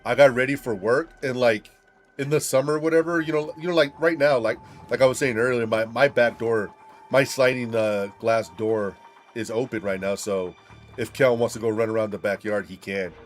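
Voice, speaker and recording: A man hosting a gaming channel, chatting casually while he plays and telling stories in an excitable, profane way full of "dude". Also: medium pitch, moderate pace, soft background music.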